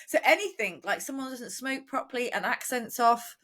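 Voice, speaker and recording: A woman's voice: fairly high pitch, lively intonation, fairly bright tone. Chatty woman podcast co-host in her forties. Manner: chatty, emphatic, quick to laugh. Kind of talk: casual chat.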